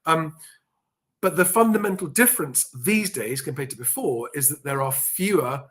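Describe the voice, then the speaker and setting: A man's voice: fairly high pitch, expressive, normal speed, a bit bright. A man hosting a podcast, giving frank, matter-of-fact advice in casual chat and swearing now and then. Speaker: podcast host, property expert.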